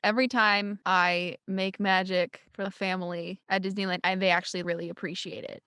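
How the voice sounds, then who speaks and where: A woman's voice: medium pitch, a bit bright, dry recording, studio quality. A young woman answering interview questions in a chatty, storytelling way, laughing often. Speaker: interview guest, voice actress.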